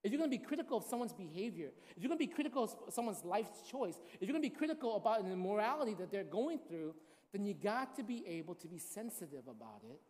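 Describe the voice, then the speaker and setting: A woman's voice: mid-range voice, sing-song, fast, mellow. A woman pastor giving a casual, storytelling sermon, often checking in with the congregation. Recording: long hall reverb.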